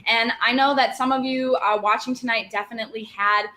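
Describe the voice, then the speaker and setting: A young woman from Wisconsin, a student co-hosting an awards ceremony over a video call, chatty and excited. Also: fairly high pitch, a little fast. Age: young adult. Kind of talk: casual hosting chat.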